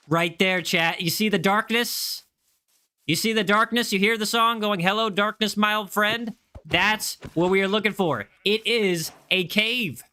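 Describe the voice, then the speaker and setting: A man's voice: high-pitched, pushed and bright. A man live-streaming a game, hyped and playful, talking straight to his chat and reading their messages aloud.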